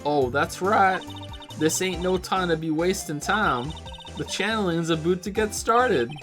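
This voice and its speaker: A man voicing a brash, excitable female paranormal photographer with a put-on Southern drawl. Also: high-pitched, a little slow, music in the background, pitched above the performer's own voice. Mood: excited. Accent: put-on American Southern drawl. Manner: loud, folksy, excitable.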